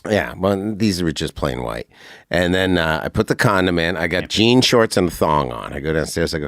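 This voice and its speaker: A man's voice: deep voice, fairly quick, dry recording. A man, a podcast guest, telling stories casually and acting out the lines of the people in them. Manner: animated, acts out quotes in changing voices. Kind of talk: casual storytelling.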